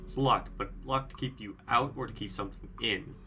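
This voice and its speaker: A man reads a spooky game's text aloud at an even, casual clip, tossing in dry asides. His voice is fairly low and sits over clearly audible background music. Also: brisk. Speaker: game player. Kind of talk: reading a game aloud with joking asides. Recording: game music playing underneath.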